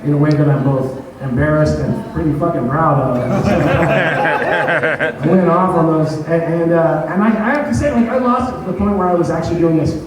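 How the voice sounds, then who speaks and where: A man with a fairly high voice tells a rambling, swear-filled story about his own stand-up set, laughing at himself as he goes. He sounds far from the mic, in a very echoey room. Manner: profane, self-mocking, animated retelling. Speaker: stand-up comedian telling a story. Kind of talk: casual storytelling chat.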